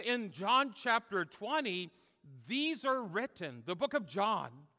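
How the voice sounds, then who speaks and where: A man's voice: high voice, pushed and bright, big-room sound. A male pastor preaching a sermon in church, emphatic and full of "uh" fillers. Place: church sanctuary.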